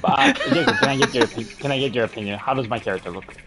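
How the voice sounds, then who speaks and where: A man's voice: medium pitch, huge pitch swings, racing, pushed and bright, a little hiss or hum. A man bantering with friends during a co-op game, teasing and exasperated, laughing between lines. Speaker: co-op gaming partner. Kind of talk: casual gaming banter.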